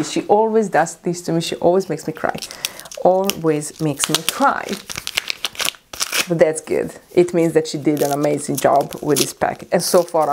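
A woman beauty vlogger unboxing gifts in a casual, excitable and emotional way. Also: low-pitched, noisy background. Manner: excitable and emotional, squealing with delight.

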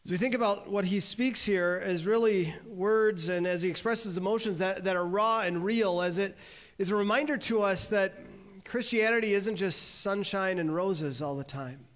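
A male pastor giving a sermon, earnest and measured, slowing and pausing on key words. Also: high-pitched, a bit bright. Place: church sanctuary.

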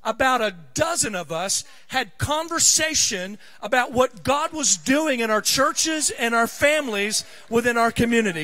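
A man's voice: very high-pitched, expressive, moderate pace, few pauses, pushed and bright, some chatter behind. A middle-aged male pastor preaching a sermon in a church, telling stories in a conversational way that rises to fervent preaching. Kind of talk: sermon with personal storytelling. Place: church sanctuary.

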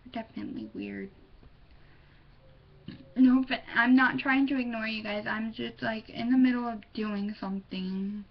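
A woman's voice: on the high side, steady tone, moderate pace, few pauses. A teenage girl vlogging casually at home, rambling and distracted, often giggling. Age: teens. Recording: dull lo-fi webcam audio with faint noise.

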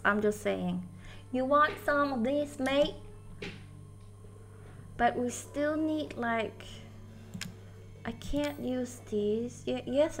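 Excitable woman game streamer, high voice, unhurried delivery, giggly live commentary. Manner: excitable, giggly, yelps when startled. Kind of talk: live gameplay commentary, chatting with viewers.

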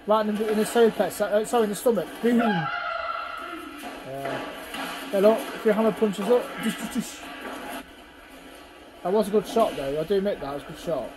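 A man's voice: high-pitched, normal speed, pauses often, over music, low-quality recording. A man giving casual reaction commentary over fight footage, chatty and constantly prompting the viewer to look.

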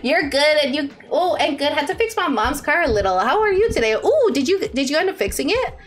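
A woman live streamer chatting casually with her viewers, bubbly and slangy, swinging between excited squeals and low mumbles. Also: brisk.

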